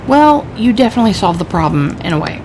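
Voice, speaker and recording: A woman's voice: medium pitch, quick pace. A woman voicing a teasing, sarcastic sidekick character in a game, reading its lines aloud. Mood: dry. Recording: steady background noise.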